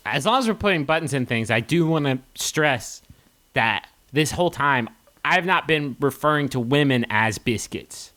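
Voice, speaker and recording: A joking, self-aware man co-hosting a comedy podcast, rambling through his points at a middling pitch. The talk is loose and casual. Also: animated, normal speed, bright, forceful tone. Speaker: podcast co-host.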